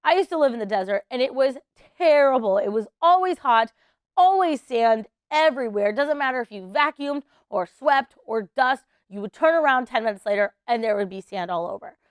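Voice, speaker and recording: A woman teaching preschoolers at church, telling a Bible story in an animated way and getting the kids to act along. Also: a little high, brisk, clear, resonant tone, dry recording, clean studio sound. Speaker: children's ministry teacher.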